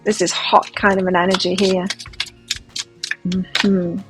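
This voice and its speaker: A woman's voice: fairly low pitch, flat delivery, slow, over music, rough recording. A woman giving a pick-a-card tarot reading, talking to the viewer as she turns cards and exclaims over them. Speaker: tarot reader.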